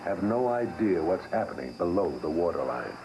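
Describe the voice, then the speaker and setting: A man's voice: sits low, sing-song, normal speed, heavy background noise. A man narrating a documentary in a dramatic, emphatic scripted delivery. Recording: narration over loud music score.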